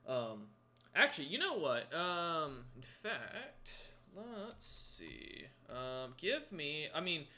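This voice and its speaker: Dude gm-ing a tabletop game, bright sharp voice, rambly, keeps correcting himself. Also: male voice, a little high, wildly swooping pitch, slow pace. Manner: rambling, full of ums and self-corrections. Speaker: game master.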